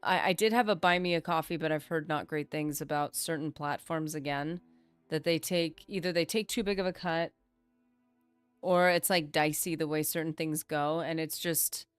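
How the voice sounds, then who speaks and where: A woman streaming a game, chatting loosely and laughing at her own mistakes. Her voice sits on the low side, recorded close and dry with no room sound. Soft game music plays faintly behind her. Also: steady tone, normal speed, smooth, dry recording. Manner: chatty, rambling, self-deprecating, trails off and restarts. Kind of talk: casual livestream chat while gaming.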